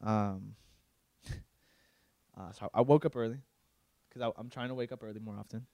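A young male pastor preaching a casual, emotional sermon, moving from loud pleading to quiet confiding, with slang in his talk. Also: lowish voice, a little slow, creaky, dry recording, clean studio sound. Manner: casual, uses slang like bro.

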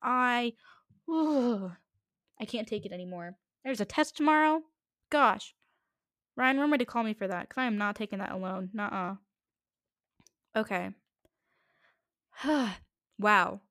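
A teenage girl hosting a solo podcast, ranting quickly and in exasperation, with many asides. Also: on the high side, a bit bright, dry recording, clean studio sound. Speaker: podcast host.

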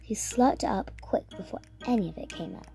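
A woman's voice: medium pitch, lively intonation, gravelly, dark tone. A woman reading a story aloud, stumbling and restarting now and then. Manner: halting, with frequent restarts. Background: music.

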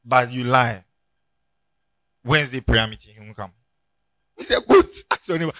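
A man's voice: medium pitch, normal speed, dry recording. A man preaching a sermon as pastor, joking and calling on the congregation to turn to their neighbors. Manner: animated, joking, calls on the congregation.

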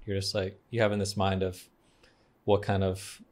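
A man's voice: sits low, monotone, normal speed, darkish tone. A man hosting a conversational interview, reflecting supportively on what his guest has shared. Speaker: podcast host.

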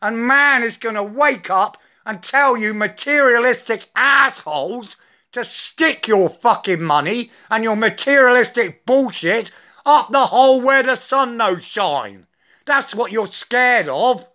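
Speaking to the camera in a very high, expressive voice that sounds pushed and bright, this older man delivers a profane, preachy tirade at a measured pace. He keeps repeating himself and uses "I" in place of "my," all captured on dull, lo-fi audio.

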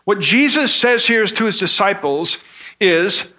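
A man's voice: high-pitched, animated, a little slow, bright, forceful tone. A man preaching a sermon in an earnest tone. He explains with everyday examples and asks rhetorical questions. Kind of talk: sermon teaching.

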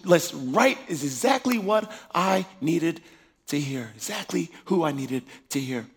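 A man with a fairly high voice tells his testimony like a preacher. He is animated and playful, and he acts out conversations as he talks. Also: a little slow, slightly rough. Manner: lively, acts out dialogue, laughs.

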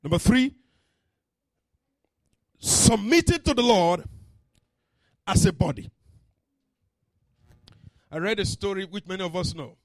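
A man preaching a sermon to a church congregation, dramatic and full of story voices, dropping to a hush and rising to shouts. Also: high-pitched, expressive, slow, pauses often, dry recording. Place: church service.

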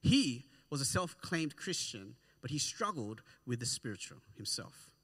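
A man preaching a sermon to a congregation in an animated way, often checking in with "right?". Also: mid-range voice, unhurried, breathy edge. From Australia. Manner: animated, keeps asking "right?". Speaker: pastor.

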